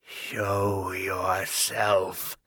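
A man's voice: low voice, monotone, fairly bright tone, dry recording, heavily acted. A man voicing a cold, hollow old ghost woman. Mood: chilling. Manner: slow, chilling, drawn-out.

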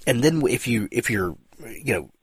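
A man hosting an interview, talking in a halting way with frequent restarts. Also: mid-range voice, lively intonation, husky, no echo. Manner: halting, many restarts and fillers. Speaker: podcast host. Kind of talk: interview conversation.

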